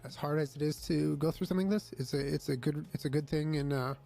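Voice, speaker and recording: A young man hosting a podcast, emotional and near tears as he talks haltingly to his listeners at the end of the show. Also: on the high side, gravelly, warm tone, faint music behind. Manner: halting, many fillers and restarts. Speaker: podcast host and streamer. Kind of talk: casual farewell talk to listeners.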